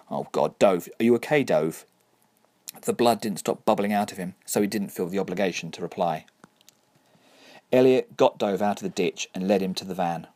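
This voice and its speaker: Dry, low-voiced male narrator. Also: a little mellow, no echo. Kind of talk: scripted narration.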